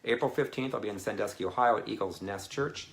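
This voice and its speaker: A man's voice: on the low side, fast talker, gravelly. A man hosting a casual livestream as a minister, chatty and rambling, reading out viewer comments. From Canada. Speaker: deliverance minister and livestream host.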